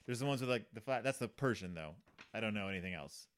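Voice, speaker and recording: A man's voice: lowish voice, expressive, quick pace. A man hosting a podcast, riffing sarcastically on a children's book in a rambling way, full of fillers and restarts. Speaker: podcast host. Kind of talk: comedic book commentary.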